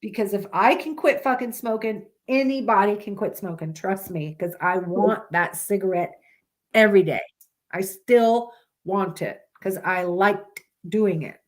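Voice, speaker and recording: Speaking unhurriedly at a medium pitch, a woman hosts a live-stream podcast, stuffed up from a constant cold. Her casual chat is candid and rambling, and she swears freely.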